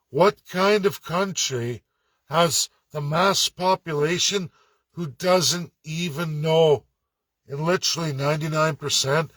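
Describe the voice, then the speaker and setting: A man delivers a blunt, profane rant straight to camera, full of sarcasm and mocking asides. His voice sits a little high, and the sound is dry and close with no room echo. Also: fairly bright tone. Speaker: political commentator.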